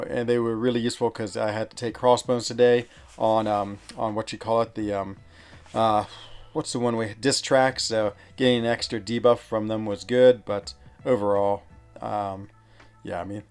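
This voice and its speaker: A man's voice: mid-range voice, clean tone. Rambling male game streamer. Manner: rambling, many fillers and searches for words. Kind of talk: casual live-stream chat.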